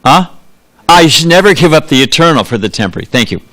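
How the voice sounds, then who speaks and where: A man's voice: a little high, expressive, fast, a bit bright. A man giving a sermon in a temple, talking in a loose conversational way, trailing off into asides and restarting his sentences. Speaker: preacher. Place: temple hall.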